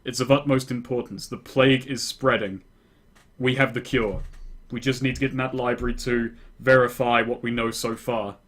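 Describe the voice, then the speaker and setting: A man's voice: mid-range voice, steady tone, moderate pace, a bit bright, natural voice. A man voicing a smug spellcaster. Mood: persuasive. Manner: smug, persuasive. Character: smug male spellcaster adventurer.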